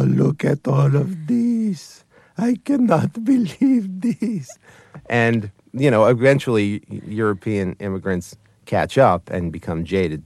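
A man who creates puppet shows, telling stories in a casual interview, animated and often laughing between his words. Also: sits low, no room sound. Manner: animated, laughs often mid-sentence, quick restarts.

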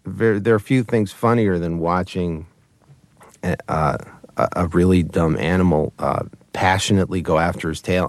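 A man who creates puppet shows, telling stories in a casual interview, animated and often laughing between his words. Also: low-pitched, dry recording. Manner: animated, laughs often mid-sentence, quick restarts.

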